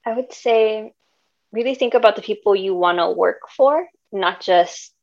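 A young woman speaks in a relaxed, reflective way about writing, filling her talk with casual fillers. Her voice sits at a medium pitch, and the audio sounds slightly muffled and lo-fi. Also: unhurried. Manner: earnest, reflective, many fillers. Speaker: author guest. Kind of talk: casual interview chat.

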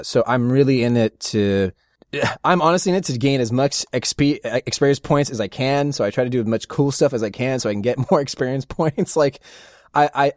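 A middle-aged man, a voice actor, chatting casually as an interview guest and telling rambling, animated stories with frequent laughs. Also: medium pitch, no echo, clean studio sound. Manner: rambling, animated storyteller who laughs often. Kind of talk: casual anecdotal chat.

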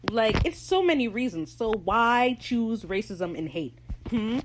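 A woman hosting a podcast, recapping a TV episode in casual, opinionated talk and slipping into quick character voices. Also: fairly high pitch, animated, background noise. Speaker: podcast host.

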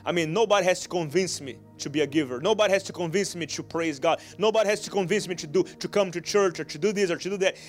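A man with a high voice preaching a sermon in an earnest storytelling manner. He often restarts his phrases and builds up to shouting. Soft music plays faintly behind him. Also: fast, hardly any pauses. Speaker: pastor.

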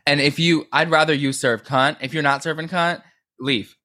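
Campy sassy guy on a podcast, bright edgy voice. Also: fairly high pitch, moderate pace. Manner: sassy, campy, animated storytelling. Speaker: podcast co-host. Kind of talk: casual chat.

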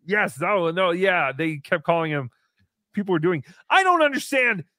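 High-pitched excitable male host. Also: moderate pace, no room sound, studio quality. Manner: excitable, reads out paid messages. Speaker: show host. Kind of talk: casual live-show chat.

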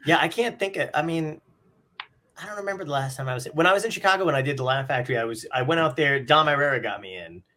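A man's voice: a little high, animated, quick pace, sharp tone. A man hosting a casual chat, telling a comedy story with loose swearing and acted-out quotes. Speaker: podcast host, comic.

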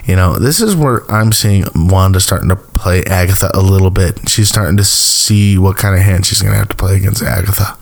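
Man, lowish voice, casual TV recap, rambling, lots of ums. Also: fairly quick, gravelly, hardly any pauses. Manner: rambling, filler-heavy, chuckling. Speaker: TV recap host.

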